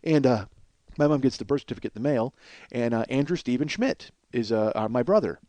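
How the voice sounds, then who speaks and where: A man in his forties from Chicago tells a childhood story on a comedy podcast. He rambles with plenty of swearing and restarts, and he gets louder and more animated when he is worked up. His voice sits at an ordinary middle pitch. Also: fairly quick, dry recording. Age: 40s.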